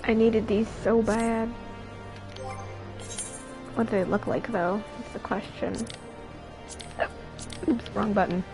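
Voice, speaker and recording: A woman streamer chatting casually through her gameplay, reacting in a bubbly, expressive way. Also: medium pitch, takes it slowly, vocal fry, long pauses, over music, rough recording.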